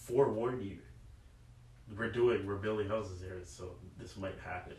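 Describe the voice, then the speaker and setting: A man's voice: fairly low pitch, steady tone, normal speed, a little mellow. A young man on a casual podcast who mostly chimes in with short remarks and slang. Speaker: podcast co-host. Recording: echoey room.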